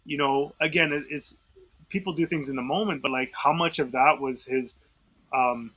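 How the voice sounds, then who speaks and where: Podcast co-host, man, husky bright tone, talks with fillers and restarts. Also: medium pitch, moderate pace, low-quality recording. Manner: thinks aloud, many fillers and restarts. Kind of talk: casual discussion.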